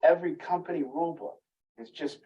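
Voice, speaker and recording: A man's voice: fairly high pitch, a little fast, dark tone. A man telling a rambling, candid story in a group talk, laughing at himself now and then. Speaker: group speaker. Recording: muffled, distant room recording.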